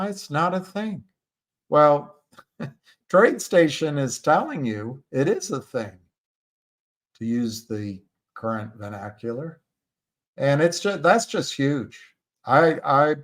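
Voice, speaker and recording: A man hosting a casual livestream, talking slowly and haltingly with many restarts as he reads viewer chat. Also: mid-range voice, expressive. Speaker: livestream host.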